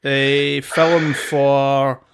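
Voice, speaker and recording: A man's voice: medium pitch, level tone, drawn-out words, creaky, clean tone. A man with a Glaswegian accent, co-hosting a web show in casual banter and telling anecdotes with plenty of swearing. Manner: swearing, chatty storyteller.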